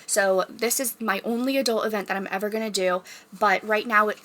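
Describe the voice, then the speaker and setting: A young woman chats her way through a casual vlog, stopping and restarting her sentences with lots of fillers. Her voice is bright and a little sharp at the edges. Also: mid-range voice, steady tone, brisk. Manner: rambling, chatty, with many fillers and restarts. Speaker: vlogger.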